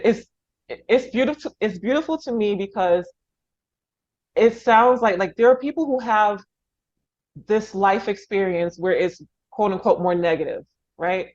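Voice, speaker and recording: A woman's voice: medium pitch, darkish tone. A woman from the Bronx hosts a podcast interview over a video call, gushing and laughing through her tears. Her sentences often restart and trail off. The recording sounds a little dull and lo-fi. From New York, the Bronx. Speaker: podcast host. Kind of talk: emotional interview conversation.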